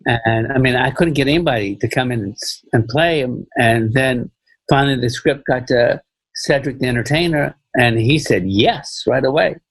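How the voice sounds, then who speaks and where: A man's voice: medium pitch, normal speed, breathy edge, no room sound, low-quality recording. A man talking as a film director in a casual podcast interview, rambling and repeating phrases with many "you know"s.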